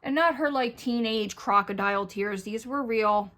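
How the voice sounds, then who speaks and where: Doing her makeup at home, a middle-aged beauty vlogger chats candidly straight to the camera in a casual get-ready-with-me video. Her voice is fairly high and a bit bright, at a normal speed, and she rambles between stories while repeatedly addressing her viewers.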